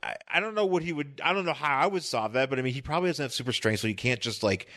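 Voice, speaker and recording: A man's voice: mid-range voice, lively intonation, rapid-fire, a bit bright. A man co-hosting a podcast in casual comic chat, rambling with lots of filler words and laughing easily. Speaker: podcast co-host.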